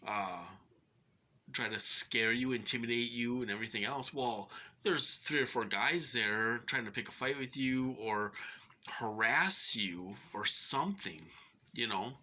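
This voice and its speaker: Unhurried, bright and forceful, this mid-range male voice belongs to a middle-aged vlogger from Minnesota. His aggrieved personal monologue wanders, packed with fillers and restarts, and he seems out of breath.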